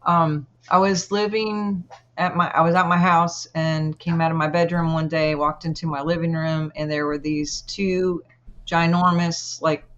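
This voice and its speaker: A woman guest telling a personal story in an interview, earnest and halting, with many pauses. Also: lowish voice, fairly bright tone, lo-fi sound.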